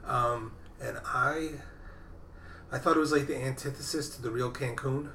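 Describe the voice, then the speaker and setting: A man's voice: medium pitch, steady tone, normal speed, bright, forceful tone, echoey room, a little hiss or hum. A man co-hosting a podcast, casually talking about movies in a rambling way that keeps restarting. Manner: rambling, self-interrupting. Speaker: podcast co-host. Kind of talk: casual film chat.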